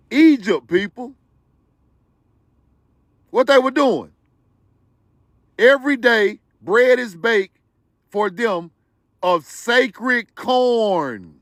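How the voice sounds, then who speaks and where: A man hosting a livestream, talking straight to his viewers in an animated, preachy, joking way with loud bursts of laughter. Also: sits high, no room sound, studio quality. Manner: talks to viewers directly. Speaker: livestream host. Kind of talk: excited livestream commentary.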